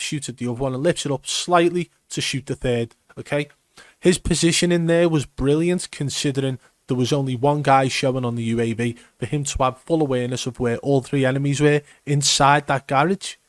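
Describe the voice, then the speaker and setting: A man's voice: medium pitch, steady tone, brisk, no room sound, studio quality. Emphatic man breaking down gameplay. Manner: emphatic, explaining step by step. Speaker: gaming commentator. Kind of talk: video breakdown commentary.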